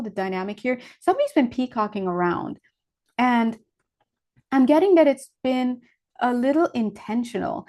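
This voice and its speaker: A woman giving a casual spiritual tarot reading, rambling and correcting herself as she goes, with lively asides. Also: fairly high pitch. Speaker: spiritual reader.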